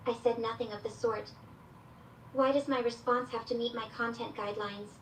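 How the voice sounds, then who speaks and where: An exasperated female AI chatbot, voiced by a woman, talks in a fairly high voice, reading out her own stage directions before each reply. She plays through a speaker, and the sound reaches the mic from across an echoey room with faint room noise underneath. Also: fairly even intonation, moderate pace, close to an everyday voice. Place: played through a speaker in a room, picked up by a security camera. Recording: echoey speaker audio caught from far off.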